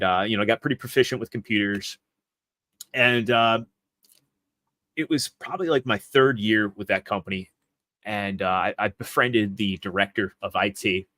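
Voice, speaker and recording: A man's voice: on the low side, sharp tone, no echo. A man in his thirties, a podcast guest, telling long rambling stories with frequent restarts. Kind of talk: casual interview chat.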